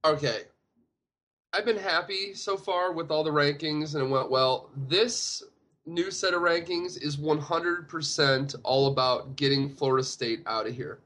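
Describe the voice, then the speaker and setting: A man's voice: a little high, unhurried, sharp tone. Rambling man co-hosting a sports podcast. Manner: rambling, many fillers. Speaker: podcast co-host. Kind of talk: casual sports chat.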